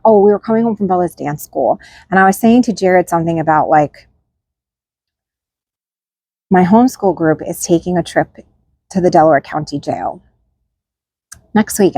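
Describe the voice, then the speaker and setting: This woman host has a lowish, darkish voice, captured in a dry, clean studio recording. Chatting casually to camera, she's candid and informal, frequently tagging her lines with "like" and "right?".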